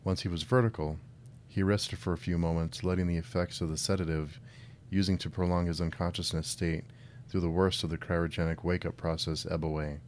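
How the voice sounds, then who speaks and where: A man with a low voice reads a short story aloud on his book channel after a relaxed, friendly introduction. He speaks plainly, with a few fillers and restarts in his own chat. A faint low rumble sits behind him. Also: a little fast, hardly any pauses. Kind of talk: casual intro then story narration.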